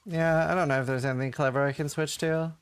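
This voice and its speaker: A man's voice: on the high side, steady tone, fast talker, clean tone, no room sound. A man chatting casually as a streamer while playing a game, slangy and playful. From Norway. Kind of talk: casual gaming commentary.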